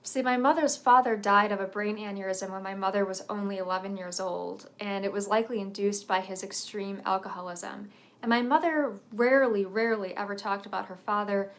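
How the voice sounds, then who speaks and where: An earnest woman in her thirties recounts a painful personal memory. She speaks in a reflective, even-pitched voice with a few nervous laughs. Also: brisk. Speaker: author sharing a personal story.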